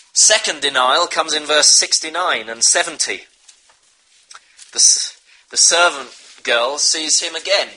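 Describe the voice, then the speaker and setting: A man's voice: medium pitch, bright, forceful tone, poor audio. A man preaching a sermon, earnestly urging his listeners to repent. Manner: earnest, pleading exhortation.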